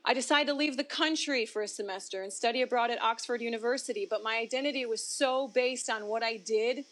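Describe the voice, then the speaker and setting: A woman's voice: fairly high pitch, a little fast, fairly bright tone. A woman sharing her personal testimony as an interview guest, talking candidly and expressively, her voice leaping up for emphasis and breaking into laughs between points. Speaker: interview guest, ministry founder.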